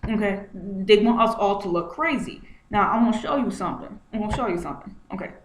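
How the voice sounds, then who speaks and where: At her home computer, a woman vlogs with a medium-pitched, animated voice at a quick clip, narrating what's on her screen agitatedly and repeating herself a lot. It's screen-share commentary, recorded with a roomy echo and faint noise.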